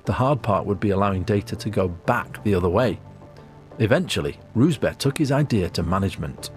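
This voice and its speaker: A man narrates a scripted story in a measured, steady way. His voice is somewhat low, and faint music plays beneath him.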